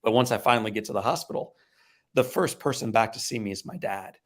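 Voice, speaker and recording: Speaking quickly in a fairly low voice, a Midwestern man who is a guest speaker relates a personal story. His telling is animated, swinging from loud outbursts to hushed tones.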